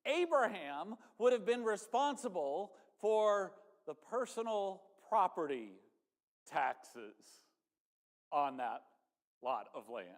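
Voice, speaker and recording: High-voiced pastor in a reverberant church. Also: male voice, sing-song, takes it slowly. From northern United States. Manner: conversational, folksy asides to the congregation. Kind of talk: sermon. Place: church sanctuary.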